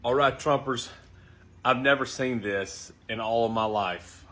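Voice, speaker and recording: A man's voice: medium pitch, unhurried, pushed and bright, a little hiss or hum. Indignant man ranting to camera. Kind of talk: casual rant to camera.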